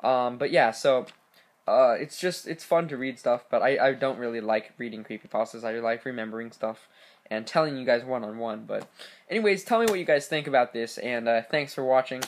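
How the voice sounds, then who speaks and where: Stammering young-sounding male storyteller. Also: mid-range voice. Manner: stammering, many fillers, fast reader. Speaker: channel host. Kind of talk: casual horror story reading.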